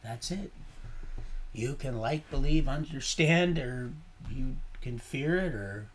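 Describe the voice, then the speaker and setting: A man hosting a livestream, talking in a meandering, folksy way that mixes faith talk with swearing and swings between quiet asides and sudden loud bursts. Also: mid-range voice, lively intonation, takes it slowly. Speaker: livestream host. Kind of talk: rambling casual livestream talk.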